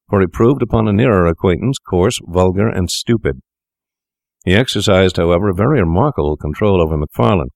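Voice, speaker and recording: A man narrates a classic story in a measured, formal way. His voice sits very low. The recording is dry and close, with no room sound. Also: darkish tone, no room sound. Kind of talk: scripted audiobook narration.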